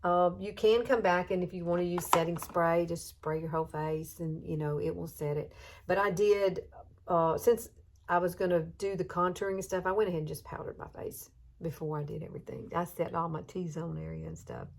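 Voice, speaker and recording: A woman in her fifties with a Southern Alabama accent chats through her makeup routine in a get-ready-with-me beauty vlog, warm-hearted, emotional and sometimes near tears. Her voice is on the low side, steady and creaky, and she speaks briskly.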